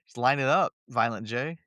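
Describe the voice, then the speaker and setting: A man's voice: medium pitch, sharp tone, no echo, studio quality. A man from Kentucky co-hosting a podcast, telling wry, laid-back stories in casual chat. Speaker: podcast co-host.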